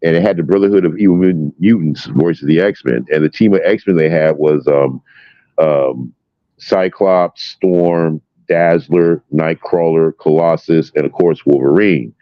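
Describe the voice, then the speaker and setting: A man telling a story with excitement, full of fillers and swearing, in casual chat. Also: extremely low pitch, measured pace, dry recording. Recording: dry, dull lo-fi sound.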